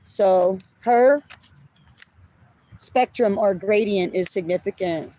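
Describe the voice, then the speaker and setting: A woman's voice: medium pitch, takes it slowly, mellow. A woman giving a collective tarot reading in casual talk, blunt and often apologizing, swearing when she gets upset. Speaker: tarot reader.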